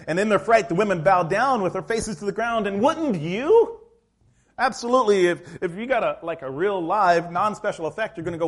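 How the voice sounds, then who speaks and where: A male pastor preaching a sermon in a church, telling the story in a lively, acted-out way. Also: fairly high pitch. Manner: animated storytelling, acts out scenes.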